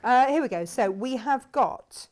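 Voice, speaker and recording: A woman's voice: fairly high pitch, animated, measured pace, darkish tone. A middle-aged woman hosting a casual live fabric shop stream, chatting, reading out viewer comments and laughing often.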